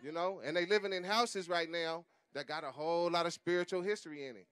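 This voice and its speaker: A man's voice: fairly high pitch, fast talker, fairly bright tone, smooth. A middle-aged man speaking at an outdoor street rally in a conversational, repetitive style, often asking "you know what I mean".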